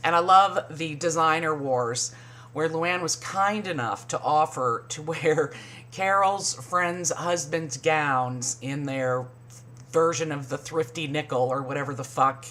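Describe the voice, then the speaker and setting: A woman's voice: measured pace, a bit bright, slight background noise. A woman recapping a reality show in casual, profane commentary, sarcastic and mocking. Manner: sarcastic, swears a lot, mimics people in high voices.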